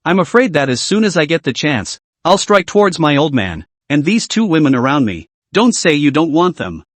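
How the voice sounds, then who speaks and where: A man's voice: fairly high pitch, sing-song, moderate pace, no room sound. A man doing a cocky young hero. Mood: mocking. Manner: mocking, confident.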